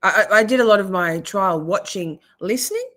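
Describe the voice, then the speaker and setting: A woman's voice: medium pitch, brisk, a bit bright. A woman hosting a casual livestream, reacting to trial clips with sarcastic, profane commentary and chatting with her viewers.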